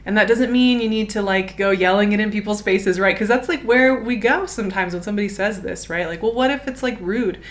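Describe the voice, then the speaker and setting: A woman's voice: medium pitch, a little fast, few pauses. A woman giving a casual, encouraging tarot reading, chatty and enthusiastic, often laughing and asking "right?". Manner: chatty, warm and encouraging, many "like" and "right?" fillers. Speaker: tarot reader.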